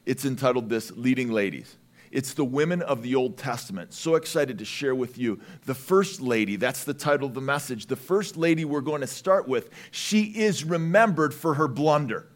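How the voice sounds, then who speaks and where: A man preaching a sermon as pastor, lively and emphatic, at times rising to shouts. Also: medium pitch, normal speed.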